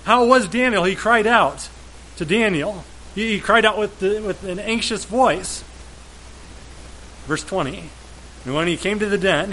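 A man's voice: high-pitched, pushed and bright, a little hiss or hum, poor audio. A man preaching a sermon, retelling a scripture story in a storytelling way and repeating words as he goes.

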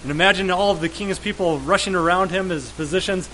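A man's voice: sits high, quick pace, pushed and bright, slight background noise, rough recording. A man preaching a sermon, retelling a scripture story in a storytelling way and repeating words as he goes.

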